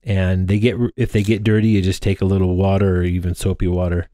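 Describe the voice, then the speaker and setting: A man in his thirties speaks fairly quickly in a low, level, mellow voice as he casually rambles through a drone frame build, full of fillers and restarts. There's no echo, and the mic is close in front of him.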